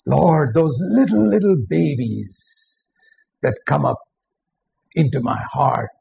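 Male preacher, gravelly, earnest and direct, faint noise behind. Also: fairly high pitch, slow, dark tone. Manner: earnest, direct, addresses listeners with questions. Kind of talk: sermon. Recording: dull lo-fi recording with faint background noise.

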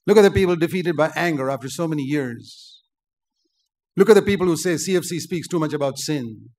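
An older man preaching a sermon, forceful and emphatic, rising to loud outbursts. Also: a little high, expressive, brisk.

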